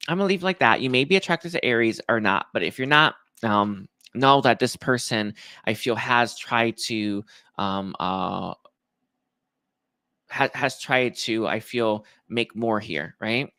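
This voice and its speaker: A young man giving a tarot reading to viewers, emotional and halting, with many fillers and restarts. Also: medium pitch, bright, forceful tone, smooth, dry recording. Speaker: tarot reader.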